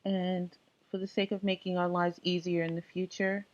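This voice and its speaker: A woman with a somewhat low voice walks through software setup on a casual screen recording. She explains in a relaxed, halting way, with plenty of fillers. The audio is dull and lo-fi. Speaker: tech tutorial presenter.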